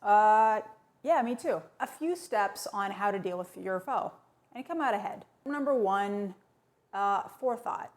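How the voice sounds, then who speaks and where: A woman delivering tongue-in-cheek advice in a brisk, sardonic, mock-serious monologue. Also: medium pitch, expressive. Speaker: comedic advice vlogger.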